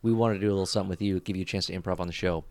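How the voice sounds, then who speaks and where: A man's voice: low-pitched, steady tone, very fast, darkish tone. A man hosting a casual comedy podcast, joking and laughing often as he riffs. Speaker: podcast host.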